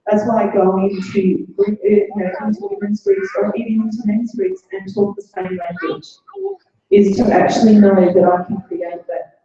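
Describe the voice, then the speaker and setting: A woman's voice: mid-range voice, sing-song, moderate pace, mellow, heavy reverb, recorded from a distance, highs cut off, slight background noise. A middle-aged woman giving an earnest motivational talk, repeating phrases for emphasis. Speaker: guest speaker.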